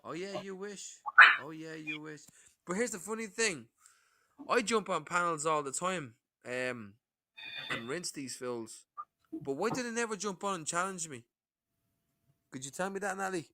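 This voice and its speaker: Man, livestream chat guest, combative and sweary, slightly high voice. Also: sing-song, normal speed, pauses often, bright, forceful tone.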